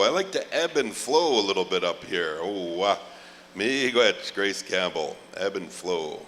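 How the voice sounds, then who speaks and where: A man announcing at a live gathering, unhurried and slightly low-pitched. His words ring out with a long loudspeaker echo, and a faint hum sits underneath. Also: lively intonation. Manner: slow, drawn-out calls with frequent "oh, uh" fillers and joking asides. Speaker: pow wow emcee. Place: large outdoor event grounds.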